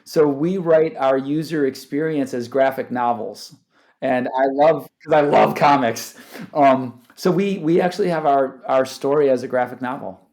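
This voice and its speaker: A man's voice: medium pitch, moderate pace, a little mellow. A man speaking as a podcast guest, talking animatedly, often restarting sentences and laughing. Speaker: guest, startup founder. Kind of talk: conversational interview.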